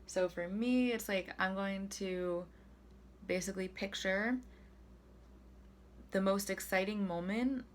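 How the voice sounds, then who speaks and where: A woman's voice: mid-range voice, slow pace, pauses often. A young adult woman talking casually to camera about breathing and meditation, chatty and self-deprecating, with lots of fillers. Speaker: vlogger.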